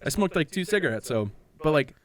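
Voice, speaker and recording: A man co-hosting a casual podcast, swearing freely as he tells a story and jumping into voices for the people in it. His pitch rises and falls a lot as he gets worked up. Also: fairly quick. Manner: profane, animated storytelling with acted quotes. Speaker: podcast co-host.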